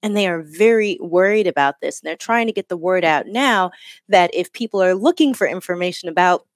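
A woman, a senior correspondent, explaining clearly with light laughs. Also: fairly low pitch, lively intonation, a little fast, no echo, clean studio sound. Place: Washington, D.C. area studio. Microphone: studio microphone.

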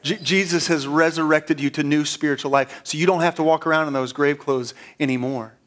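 A man's voice: on the high side, steady tone, brisk, a bit bright. A man preaching a sermon as pastor, earnest and conversational, often repeating words as he restarts.

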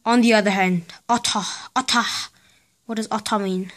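A woman's voice: medium pitch, steady tone, normal speed. A woman vlogger ranting in a casual, sarcastic, exasperated way, spelling out letters in disbelief. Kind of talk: casual vlog rant.

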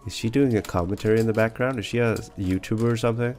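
A man's voice: lowish voice, racing, hardly any pauses, darkish tone, soft background music. A man giving playful, sarcastic commentary while playing a video game with a stranger. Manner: teasing, sarcastic. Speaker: gaming YouTuber.

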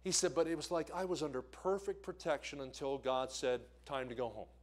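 A man's voice: fairly high pitch, fairly even intonation, brisk. A man from the American Northeast preaching a sermon as a visiting evangelist, telling stories and putting questions to the congregation. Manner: storytelling, asks the congregation questions. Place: church sanctuary.

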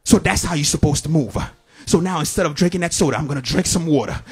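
A man's voice: fairly high pitch, fast talker, a little mellow, slightly rough. A middle-aged male pastor from Haiti preaching a sermon at a church service, emphatic and repetitive, breaking into sung phrases and call-and-response.

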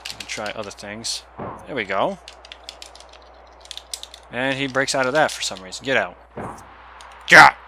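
Excitable man yelling at a game. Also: medium pitch, measured pace, pauses often, slight background noise. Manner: excitable, swears, yells at the game. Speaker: gamer. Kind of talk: casual gameplay commentary.

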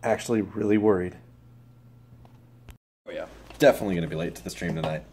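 A young man talking casually to camera with a lively, bouncing pitch that rises and falls a lot. He swears freely, drops to muttered asides, then jumps up to loud, upbeat advice. Faint ambient noise sits under his voice. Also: quick pace, long pauses. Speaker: vlogger and streamer. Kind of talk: casual vlog.

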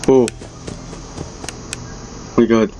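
A man doing let's-play commentary while playing a horror game, jumpy and quick to cry out when startled, recorded on a headset. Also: dark tone, slight background noise, rough recording. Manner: jumpy, exclaiming, easily startled.

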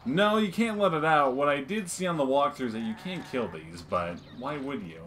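Man, gameplay banter host, teasing and cursing, lively pitch. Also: brisk, a little hiss or hum. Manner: joking, swearing, teasing. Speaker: let's play host. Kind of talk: casual gameplay chat.

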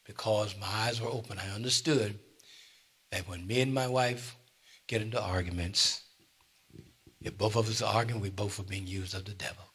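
Older male pastor, husky edge, sermon delivery with sudden loud emphasis. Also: fairly low pitch, fairly even intonation, normal speed, pauses often. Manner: preaching with sudden loud emphasis and asides to the congregation. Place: church.

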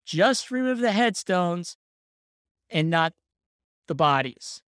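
A podcast host recounting a story in relaxed, easy chat and laughing along the way. The voice sits at a middling pitch and is recorded close and dry, with no room sound. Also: slow, clean tone, dry recording. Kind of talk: casual chat.

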